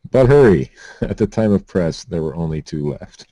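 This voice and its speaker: Deep dark-voiced man reading with jokes. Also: moderate pace, dry recording. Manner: reads items aloud with self-deprecating asides and stumbles. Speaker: podcast host reading news items. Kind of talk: comedic podcast reading.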